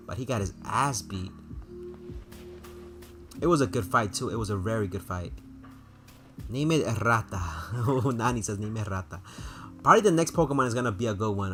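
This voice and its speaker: A chatty male streamer talks loosely to his live chat, laughing now and then. His voice sits fairly low. Faint game music plays underneath. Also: lively intonation, a little fast, sharp tone. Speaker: gaming streamer.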